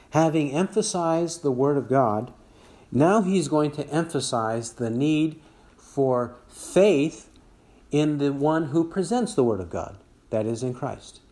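Man preaching in a mellow voice. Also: medium pitch. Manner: reads scripture aloud, rising in force at dramatic lines. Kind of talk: expository sermon.

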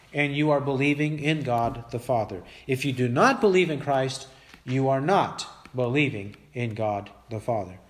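A man preaching a sermon, reading scripture aloud and repeating key phrases with emphatic, earnest delivery that sometimes sinks to a quiet intensity. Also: fairly high pitch.

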